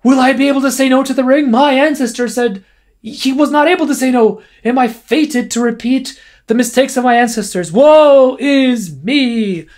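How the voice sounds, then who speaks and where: A podcaster putting on the voice of a whining, doubt-ridden male hero king, mocking him with a high, melodramatic tone. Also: moderate pace, a little mellow, lightly acted. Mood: whiny.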